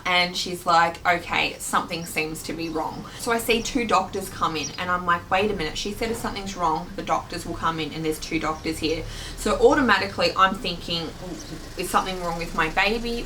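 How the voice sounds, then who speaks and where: A woman's voice: medium pitch, bright, forceful tone, a little hiss or hum. A young woman, a beauty vlogger chattily and dramatically retelling a story to camera. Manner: chatty, dramatic, filler-heavy retelling with quoted dialogue.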